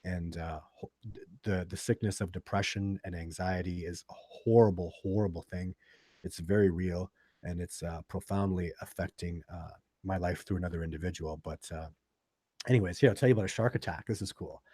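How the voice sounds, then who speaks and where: Low-voiced guy rambling on a live stream, lots of restarts, dry close sound. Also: steady tone, brisk, dark tone, slightly rough, dry recording. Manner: rambling, full of restarts and fillers. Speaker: host of a live video chat about Sasquatch research. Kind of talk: live stream, answering viewer questions and telling stories.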